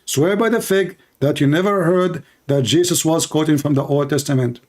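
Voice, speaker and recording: High-voiced, insistent hoarse debate host. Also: male voice, normal speed, darkish tone. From Iraq. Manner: insistent, repeats challenges over interruptions. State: hoarse, losing his voice. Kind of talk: heated live debate.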